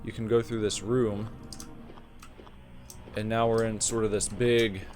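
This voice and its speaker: A man giving game playthrough commentary, slowly musing over what he sees on screen with plenty of fillers and restarts. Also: on the low side, flat delivery, music in the background. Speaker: gameplay commentator.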